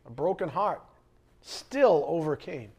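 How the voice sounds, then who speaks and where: A man preaching a sermon as pastor, lively and conversational, asking the congregation questions. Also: a little high, takes it slowly, creaky, husky. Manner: animated preaching, acting out scripture quotes and asides.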